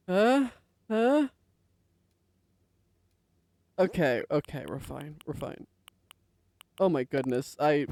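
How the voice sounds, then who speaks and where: Giggly, rambling streamer, unhurried delivery, middle-range voice, casual live-stream chat. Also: mid-range voice, big pitch swings, darkish tone, no room sound. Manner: rambling, talks to self and chat, prone to giggling fits. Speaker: game streamer.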